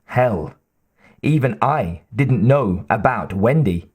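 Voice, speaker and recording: A man reading an audiobook in a measured, even narration. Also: mid-range voice, breathy edge.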